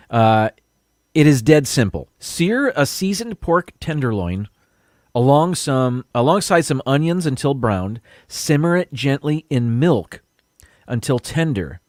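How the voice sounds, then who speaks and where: A man's voice: medium pitch, lively intonation, slow, darkish tone, dry recording, studio quality. A man hosting a casual live stream, rambling a little as he reads viewer comments and stumbles over unfamiliar words.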